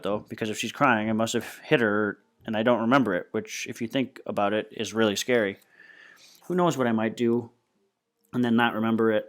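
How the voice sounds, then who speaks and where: A man reading a novel aloud in a plain, unpolished way, with small slips and restarts. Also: fairly low pitch. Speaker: reader.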